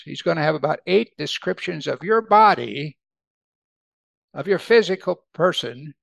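A man preaching a conversational sermon who grows animated when he quotes scripture. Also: a little high, vocal fry, dry recording. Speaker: pastor.

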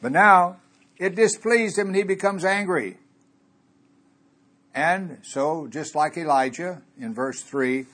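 Husky-voiced man preaching a sermon. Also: on the high side, slow pace, long pauses, a bit bright. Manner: conversational preaching with rhetorical questions and chuckles. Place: church.

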